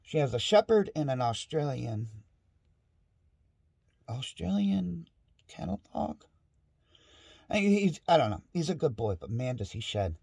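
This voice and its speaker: A man's voice: medium pitch, big pitch swings, measured pace, gravelly, long pauses, warm tone, slightly rough, dry recording, studio quality. A middle-aged man in a casual, rambling monologue at home, frustrated and restarting often. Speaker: vlogger. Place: home with dogs nearby.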